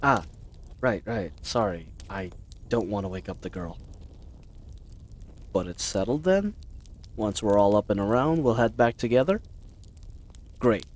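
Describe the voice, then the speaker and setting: A man's voice: fairly low pitch, sing-song, unhurried, long pauses, slight background noise. A man playing a babbling bumbling knight. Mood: eager, friendly. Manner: chatty, rambling, apologetic. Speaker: voice actor. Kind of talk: audio role-play for the listener.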